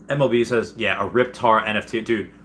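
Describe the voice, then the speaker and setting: An excitable man hosts a casual livestream, chatting through viewer comments and rambling from one thought to the next. His voice sits fairly low but comes across bright and forceful. A faint hiss of noise runs underneath. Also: normal speed. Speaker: livestream host.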